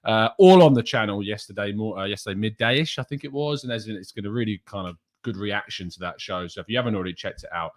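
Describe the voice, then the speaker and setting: A man's voice: lowish voice, quick pace, hardly any pauses. Chatty English man hosting a live show. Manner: chatty, reads out viewer names, slips into a put-on northern accent. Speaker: podcast host. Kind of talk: casual live-stream show chat.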